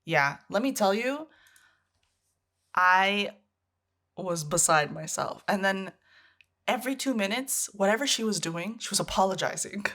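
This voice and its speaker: A woman's voice: medium pitch, animated, measured pace, long pauses, a bit bright. A Canadian woman co-hosting a podcast, telling a story in casual chat, laughing often and swearing freely. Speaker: podcast co-host.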